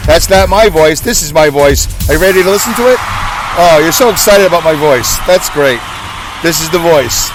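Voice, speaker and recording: A man's voice: a little high, lively intonation, moderate pace, music in the background. A man with a New York accent hosting a podcast, rambling jokingly as he drives to work. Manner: rambling, jokey, self-mocking. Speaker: podcast host. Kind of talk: casual monologue while driving. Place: inside a car on a highway. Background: car and road noise.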